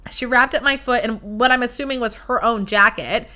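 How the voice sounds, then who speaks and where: Bright, brash young podcast woman. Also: fairly high pitch, a little fast. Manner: profane, animated storytelling. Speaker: podcast host. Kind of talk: casual storytelling.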